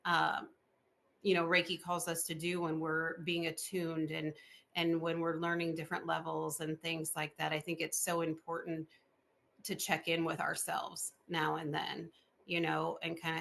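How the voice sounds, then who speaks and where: A woman podcast host chatting in an interview, expressive and full of fillers, laughing often as she tells stories. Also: deep voice, measured pace, vocal fry, slight background noise. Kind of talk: casual interview chat.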